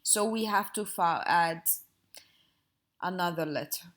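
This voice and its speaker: A woman teacher giving a slow, patient grammar lesson to young pupils in a sing-song explaining manner. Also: lowish voice, a bit bright.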